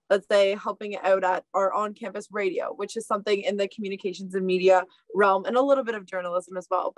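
A woman's voice: medium pitch, dry recording, poor audio. A chatty young woman gives a casual welcome talk over a video call, her speech peppered with "like" and "let's say". The sound is dry and close, with no room around her. She is calling in from a boat. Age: young adult. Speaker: student ambassador.

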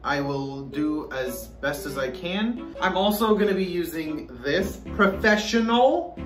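A man's voice: on the high side, animated, measured pace, distant mic. A young man filming a casual vlog who talks dramatically, swearing often and breaking into yelps and shrieks. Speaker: vlogger. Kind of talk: casual self-filmed vlog. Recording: echoey room with music. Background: music.

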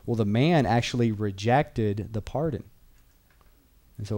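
A man's voice: fairly low pitch, a little slow, dark tone. A man teaching a Bible class in an earnest, conversational way, repeating key phrases and reading verses aloud.

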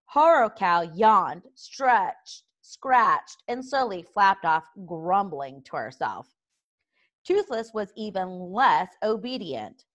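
A woman reading a children's book aloud, unhurried and expressive. Her voice sits mid-range but rises and falls in lively swoops. She takes her time over each line. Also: medium pitch, dull audio. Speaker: story reader.

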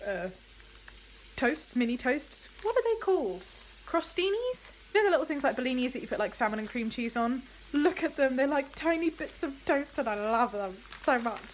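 A woman's voice: sits high, lively intonation, a little fast, hardly any pauses, a little hiss or hum. A young woman chatting candidly and animatedly to camera in a casual home vlog. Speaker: vlogger. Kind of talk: casual chat. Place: home, office and kitchen indoors.

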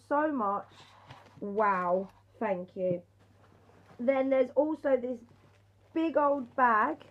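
A woman, ill and a little hoarse, excitedly unboxing craft mail in a casual vlog and gushing with thanks. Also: on the high side, dull audio. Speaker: craft YouTuber.

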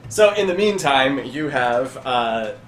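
A man's voice: mid-range voice, animated, takes it slowly, a crowd in the background. A man running a tabletop game as game master, narrating with loose, vivid storytelling. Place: indoors at a LAN party. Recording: echoey noisy room.

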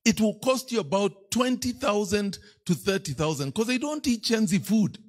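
Husky Kenyan bishop, lively sermon. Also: male voice, high voice, moderate pace, faint music behind. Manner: playful storytelling, teasing the congregation. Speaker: bishop preaching. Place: church.

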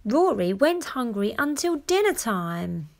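Lady reading a kids' story, slow and sing-songy, kinda high voice. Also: vocal fry. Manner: gentle, expressive read-aloud. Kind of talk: reading a picture book aloud.

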